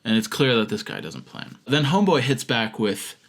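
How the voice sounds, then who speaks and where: Man, vlogger rant, sarcastic, mocking, laughs mid-sentence, very expressive pitch. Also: moderate pace. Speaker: filmmaker vlogger. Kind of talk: comedic rant reading out comments.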